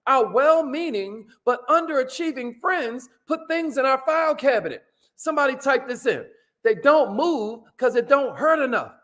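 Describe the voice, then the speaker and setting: High-voiced, hyped-up man motivating viewers. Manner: energetic, calls out viewers by name; casual slang, repeats key lines. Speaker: host of a live motivational stream. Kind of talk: motivational live talk.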